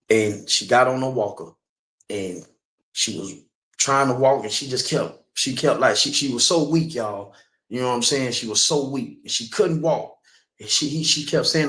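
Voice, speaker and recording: A man preaches in the street, telling a personal story with emphasis and repeatedly asking listeners whether they understand. His voice is on the high side and fairly bright, in an echoey room.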